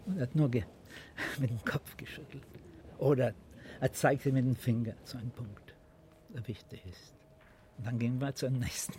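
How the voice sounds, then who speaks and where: A man interviewed for a documentary, recalling a memory in halting phrases. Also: mid-range voice, fairly even intonation, darkish tone, a little hiss or hum.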